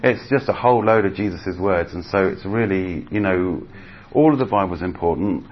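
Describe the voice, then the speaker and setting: A man's voice: low-pitched, normal speed. A man preaching a sermon in a chatty, conversational way, acting out voices as he retells stories. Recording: slightly dull audio with faint background noise.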